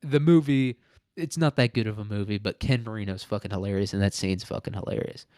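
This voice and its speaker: A man's voice: lowish voice, fairly quick, darkish tone, dry recording. Profane rambling male podcast host, dry sound. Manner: rambling, profane, laughs often. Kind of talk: casual solo podcast monologue.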